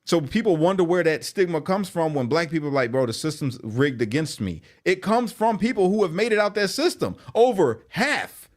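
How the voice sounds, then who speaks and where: A man co-hosting a casual conversation who makes his points emphatically and uses rhetorical questions. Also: a little high.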